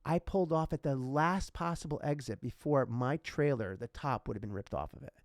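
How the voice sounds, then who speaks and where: A man telling a story on a casual podcast, earnest and rambling, often restarting his sentences. His voice sits at a middling pitch, and the sound is dry and close with no room echo. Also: a little fast. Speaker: podcast co-host.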